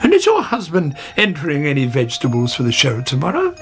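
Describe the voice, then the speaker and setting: A narrator voicing a fussy old owl postmistress in a storybook, with hooting, high exclamations. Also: huge pitch swings, fast, faint music behind. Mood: inquisitive.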